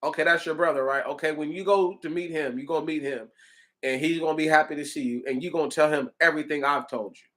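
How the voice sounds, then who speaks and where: A man's voice: on the high side, fairly even intonation, fast, fairly bright tone, voice pushed up, natural voice. A man voicing God as an exasperated, plain-speaking commanding deity, in a casual slangy retelling.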